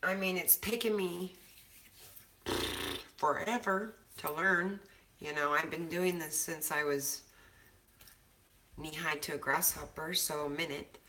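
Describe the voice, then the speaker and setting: Casting: talkative woman co-host, low pitch, crisp bright edge, casual and swearing. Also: takes it slowly, pauses often, a little hiss or hum. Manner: chatty, swears casually, laughs often. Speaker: co-host of a cannabis show. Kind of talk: casual chat. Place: home kitchen.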